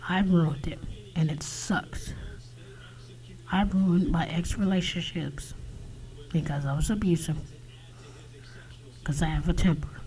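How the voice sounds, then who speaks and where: Slow, whispering man confessing. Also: a little high, fairly even intonation, darkish tone, rough recording. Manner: halting, swearing, often whispered. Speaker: podcast host. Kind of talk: confessional monologue.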